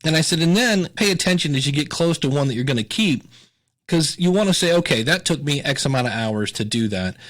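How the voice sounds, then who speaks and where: A man's voice: a little high, brisk. A man from Ohio, a podcast consultant, telling stories in a casual interview and acting out what people said. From Ohio, USA. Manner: animated storyteller, acts out quoted voices.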